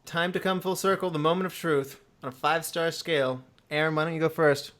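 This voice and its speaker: A man's voice: a little high, fairly even intonation, brisk, fairly bright tone. A man in his thirties hosting a casual movie podcast, teasing and laughing often. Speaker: podcast host.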